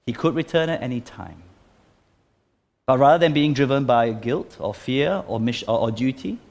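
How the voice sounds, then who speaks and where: A man's voice: medium pitch, gravelly, darkish tone. Earnest man preaching, then praying. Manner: earnest, pausing and restarting phrases. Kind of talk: sermon and closing prayer.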